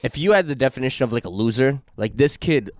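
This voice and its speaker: A man's voice: mid-range voice, animated, quick pace, darkish tone, no echo, studio quality. A young man co-hosting a podcast, telling a long story in casual chat, rambling with lots of fillers and laughing as he goes. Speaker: podcast co-host.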